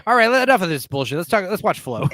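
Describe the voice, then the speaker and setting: A man hosting a casual podcast, telling stories animatedly and acting out scenes with sudden high yelps. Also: big pitch swings, rapid-fire, a bit bright. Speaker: podcast host. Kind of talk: casual chat.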